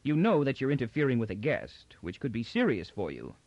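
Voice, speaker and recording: A man voicing a bold young man who stays steady and firm under threat, in a dull, dry recording. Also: mid-range voice, fairly quick, no room sound. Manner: steady, firm, calmly assertive. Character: bold young male trader, coolly defiant.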